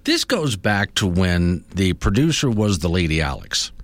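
Middle-aged radio guy rambling, lowish lively voice, dry mic. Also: normal speed, no echo. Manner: rambling, self-amused. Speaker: radio host. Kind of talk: radio show chat.

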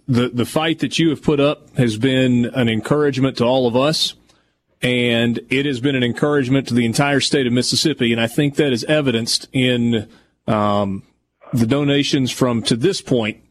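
A man's voice: medium pitch, a little hiss or hum. A male radio host speaking earnestly and sincerely in casual on-air talk.

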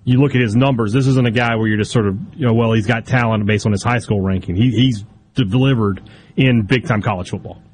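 A man's voice: fairly low pitch, steady tone, brisk, a little mellow, a little hiss or hum. A man co-hosting a sports talk radio show, telling wry stories in casual banter.

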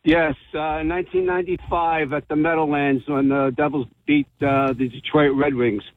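A man's voice: on the high side, steady tone, moderate pace, slight background noise. A middle-aged man from New Jersey calling a radio show and telling a heartfelt story. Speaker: caller. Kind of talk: call-in radio talk. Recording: tinny phone line.

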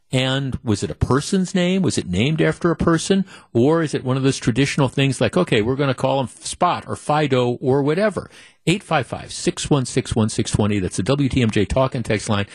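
A man's voice: medium pitch, breathy edge, no echo. A man hosting a call-in radio talk show, chatty and thinking aloud with stumbles and repeated words, speaking into a studio microphone.

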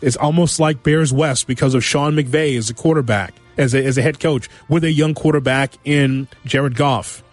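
A man hosting a sports talk radio show, giving an animated monologue full of rhetorical questions and repeated phrases. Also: mid-range voice, moderate pace, hardly any pauses, no room sound, faint music behind. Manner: animated, rhetorical, repeats himself, acts out quotes.

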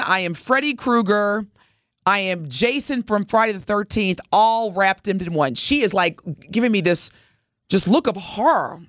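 Animated middle-aged woman storyteller. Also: medium pitch, moderate pace, no room sound, clean studio sound. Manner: animated, expressive storyteller addressing listeners directly. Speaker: podcast co-host. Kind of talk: casual storytelling.

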